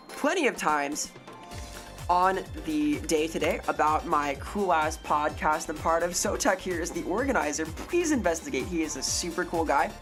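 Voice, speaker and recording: A young adult woman streaming live, chatting casually with viewers and getting excitable and sweary when thanking them. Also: deep voice. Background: faint music.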